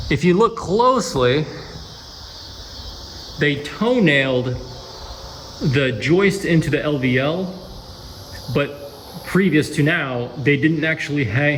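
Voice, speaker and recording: A man casually walking through his house under construction, explaining framing problems in a rambling, animated way with many restarts. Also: a little high, slow pace, pauses often, a little hiss or hum. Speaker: home builder filming his build. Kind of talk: walkthrough vlog.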